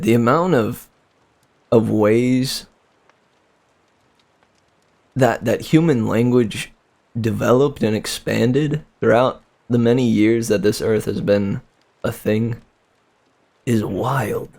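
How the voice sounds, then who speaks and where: A man's voice: medium pitch, slow pace, creaky, a little mellow. A man reading a book on a live stream, breaking off for casual chat with his viewers, musing aloud and chuckling often. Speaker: audiobook reader and streamer.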